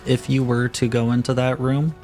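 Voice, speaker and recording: A man's voice: mid-range voice, level tone, moderate pace, a little mellow, soft background music. A man narrating as game master of a tabletop role-playing game, casual, with many fillers.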